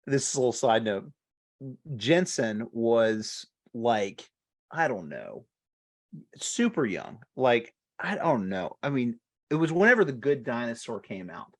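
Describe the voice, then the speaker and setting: A man in his thirties, co-hosting a casual podcast chat, telling stories with frequent laughs. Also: measured pace. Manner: animated storyteller, laughs often, big pitch swings. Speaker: co-host.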